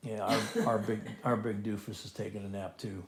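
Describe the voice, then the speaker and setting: A man with a lowish voice and little pitch movement speaks at normal speed over slight background noise. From home he runs a casual live coin auction, chatting with viewers and repeating bids and his co-host's remarks as he calls them out.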